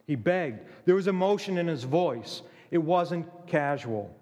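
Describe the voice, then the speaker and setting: A man preaching a sermon, emphatic, with dramatic pauses and acted-out quotes. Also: fairly high pitch, lively intonation, darkish tone, big-room sound.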